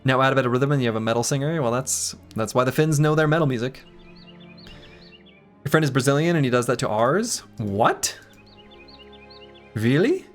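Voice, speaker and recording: A man's voice: medium pitch, quick pace, soft background music. A man streaming a game, chatting casually in a joking, rambling and self-mocking way. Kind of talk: casual gameplay commentary and chat.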